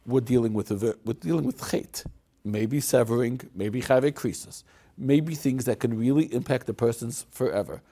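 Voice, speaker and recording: Creaky dark-voiced male interviewer. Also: medium pitch, moderate pace. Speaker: interviewer and host. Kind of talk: interview conversation.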